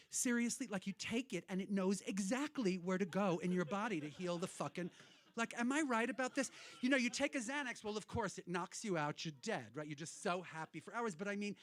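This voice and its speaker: The voice of this cabaret host and performer is high-pitched, recorded dry. He's a man working the audience in a hotel cabaret room, rambling, irreverent, and swearing freely.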